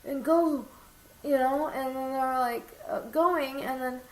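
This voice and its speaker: A woman's voice: high voice, unhurried. A young woman chatting casually with a friend, telling a rambling story with lots of animation. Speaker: vlogger. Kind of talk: casual chat. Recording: echoey room with faint noise.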